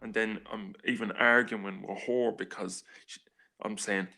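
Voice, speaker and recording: Gravelly Dublin man, rambling. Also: fairly low pitch, steady tone, bright, forceful tone. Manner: rambling, halting, with many restarts. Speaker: panelist. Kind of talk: casual chat.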